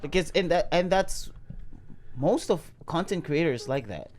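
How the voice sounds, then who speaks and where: A man's voice: a little high, a little slow, slight background noise. A man co-hosting a podcast, talking casually with lots of fillers and laughter. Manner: animated, laughs often, many fillers. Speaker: podcast co-host. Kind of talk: casual chat.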